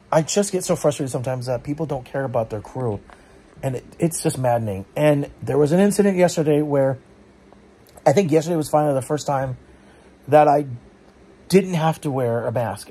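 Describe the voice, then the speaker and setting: A man's voice: a little high, a little mellow, husky. A man telling a frustrating story in a casual vlog, rambling and self-questioning, his voice a bit congested from allergies. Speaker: vlogger.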